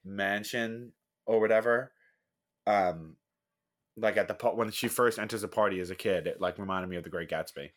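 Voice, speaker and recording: A man with a somewhat low voice talks about a film in an easy, chatty way. He hedges his opinions and fills his sentences with fillers. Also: moderate pace, a bit bright. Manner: chatty, hedging, with frequent fillers. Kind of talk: casual movie review chat.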